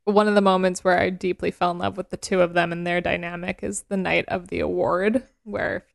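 A woman's voice: lowish voice, brisk, gravelly. Woman co-host retelling scenes with laughs. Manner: animated retelling, laughs while talking. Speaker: podcast co-host. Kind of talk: casual chat.

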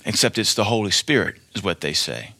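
A man's voice: lowish voice, expressive, brisk, creaky, bright, forceful tone, no echo. A male preacher giving a fiery sermon, blunt and scornful, hammering each point with emphatic declarations.

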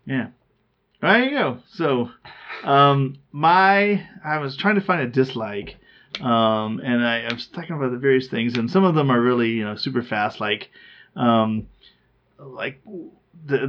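A man's voice: mid-range voice, animated, a little slow. A man in casual chat, rambling and chatty, often laughing at his own stories. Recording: slightly dull lo-fi sound.

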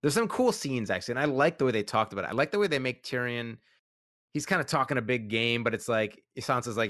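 A man's voice: medium pitch, expressive, fast, a bit bright, dry recording, studio quality. A man in casual chat recapping a TV episode, rambling and enthusiastic with lots of fillers.

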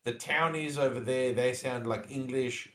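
A man's voice: medium pitch, steady tone, moderate pace, fairly bright tone. A man talking through his opinions on a casual podcast, often stalling on fillers and restarting his sentences. He gets more insistent and emphatic when he pushes back on a point. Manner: rambling, hesitant, with many fillers and restarts. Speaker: podcast co-host. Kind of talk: casual chat.

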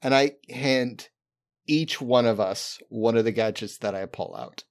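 Slow-talking excitable tabletop player. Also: male voice, mid-range voice. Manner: excitable, joking, stammering. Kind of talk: casual tabletop play.

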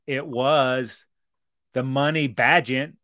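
A man's voice: mid-range voice, fairly even intonation, slow, bright, forceful tone, no echo, clean studio sound. A man co-hosting a sports podcast in casual banter, playful and jokey. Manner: playful, jokey, calls people baby. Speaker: podcast co-host.

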